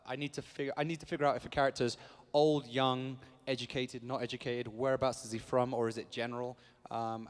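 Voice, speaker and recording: Playful British man in an echoey hall. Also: medium pitch. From Britain. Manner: playful, rambling, cheeky. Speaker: actor guest at a fan convention panel. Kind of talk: joking panel talk to a crowd. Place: convention hall stage.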